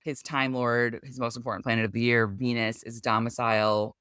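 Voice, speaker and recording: A man's voice: mid-range voice, level tone, brisk, pushed and bright, smooth, no echo. Chatty man explaining astrology, dry close mic. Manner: chatty, explanatory, with fillers like "like" and "you know". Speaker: podcast co-host, astrologer. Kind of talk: casual chat explaining astrology.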